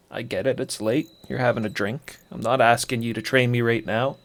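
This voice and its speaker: A man's voice: medium pitch, fairly even intonation, fairly quick, few pauses. A man casually commenting on a game he is playing live, joking as he reads along. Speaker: streamer.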